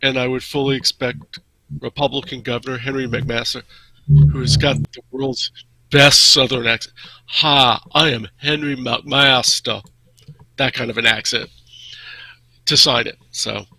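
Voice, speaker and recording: A man co-hosting a podcast, talking through news in a measured, plain-spoken way. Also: medium pitch, fairly even intonation, gravelly, sharp tone, rough recording. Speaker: podcast co-host. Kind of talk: casual news discussion.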